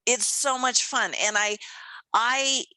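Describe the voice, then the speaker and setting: A woman's voice: on the high side, slow pace, no echo, poor audio. A woman in her fifties co-hosting a podcast, chatting casually and enthusiastically and laughing often. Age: 50s. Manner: animated and enthusiastic, laughs often, acts out quoted voices. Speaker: podcast co-host. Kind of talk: casual chat.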